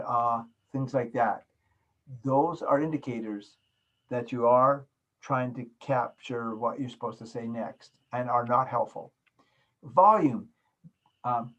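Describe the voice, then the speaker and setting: This lo-fi clip captures a mid-range male voice from Canada giving a recorded lecture to a class. Key words get stressed and repeated for emphasis as he shows the difference between talking softly and loudly.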